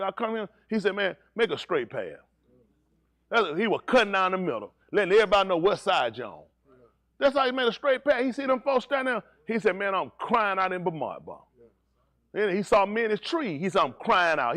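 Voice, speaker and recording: Swinging from calm, low instruction to high-pitched shouting, a male pastor delivers his sermon a little fast and pokes fun at congregation members. The sound carries no echo.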